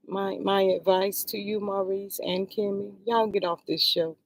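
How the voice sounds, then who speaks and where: A vlogger doing heated livestream commentary on a reality show addresses the people she's criticizing directly, scolding and exasperated, sighing to the Lord between points. Her voice sits at an ordinary middle pitch with fairly even intonation and a measured pace. The sound is dry and close, with no room echo.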